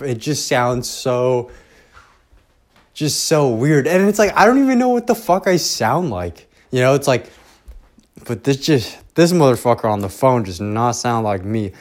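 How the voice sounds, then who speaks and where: A young man hosting a podcast alone, rambling casually with lots of swearing and self-deprecating asides. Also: medium pitch. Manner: profane, self-deprecating, trailing off. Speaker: podcast host. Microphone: headphones and home recording setup.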